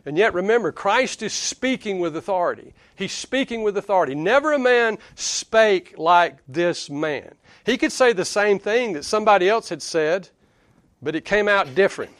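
Southern preacher, conversational and emphatic. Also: male voice, high-pitched, lively intonation, normal speed, a bit bright, no room sound, studio quality. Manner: conversational, emphatic, chuckles between points. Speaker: pastor. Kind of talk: sermon.

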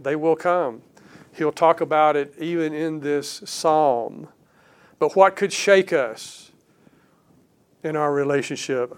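A male pastor delivers a sermon with earnest, emphatic conviction. His voice is smooth and resonant and sits a little high for a man. He drops to a slower pace to lean on the key words. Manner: earnest, emphatic preaching with slow stressed phrases.

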